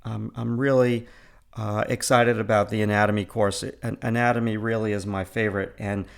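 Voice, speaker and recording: Walking through his online lessons in a casual screencast, a middle-aged New York-accented art instructor sounds enthusiastic, leaning on fillers and repeated words. He speaks at a moderate pace in a lowish, level, gravelly voice.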